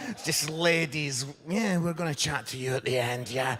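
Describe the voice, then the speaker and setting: A Scottish man telling comic stories to a church audience in a chatty way, often checking in with "yeah?" and bursting into loud shouts. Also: fairly high pitch, moderate pace, a crowd in the background. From Scotland. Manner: chatty, keeps asking "yeah?" for agreement; animated, jumps into loud shouts. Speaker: guest speaker at a church service. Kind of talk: comic storytelling to a live audience. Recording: echoey hall.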